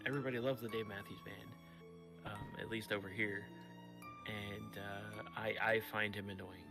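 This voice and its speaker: A man's voice: lowish voice, steady tone, normal speed. A male voice actor chatting as a guest, easygoing and agreeable, with plenty of fillers. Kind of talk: casual video chat. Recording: voice with music playing behind. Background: music.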